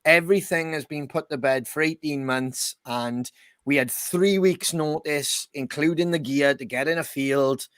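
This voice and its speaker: A man talks loosely and at length, swearing and laughing as he goes. His voice sits a little high, and the sound is close and dry with no room around it. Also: a little slow, a bit bright, smooth, dry recording. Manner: rambling, swears freely, laughs often. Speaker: band member co-hosting a podcast. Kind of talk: casual chat.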